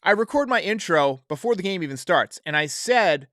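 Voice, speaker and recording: A man's voice: sits high, expressive, moderate pace, a bit bright, no echo, clean studio sound. A man hosting a casual sports podcast, chatting and reading viewer comments aloud. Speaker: podcast host. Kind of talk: casual live-stream talk.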